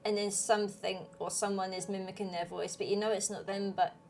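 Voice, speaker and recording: Woman, game commentary, thoughtful, speculative, middle pitch, faint music behind. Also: little pitch movement, fairly quick, creaky, a little mellow. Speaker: gaming channel host.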